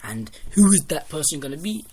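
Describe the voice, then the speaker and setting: A man giving a casual spoken review of a wrestling show, rambling and excitable, restarting sentences as he retells the matches. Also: a little high, brisk, breathy edge. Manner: rambling, excitable recap with restarts and quoted lines.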